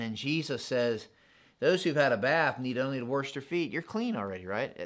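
Animated man preaching a sermon. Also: medium pitch. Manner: animated, conversational preaching with contrasts. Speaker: pastor.

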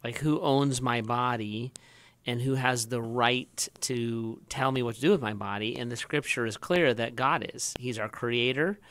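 Male pastor co-host, smooth resonant voice, measured and thoughtful. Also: mid-range voice, a bit bright, no room sound. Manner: thoughtful, halting restarts. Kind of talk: casual podcast discussion.

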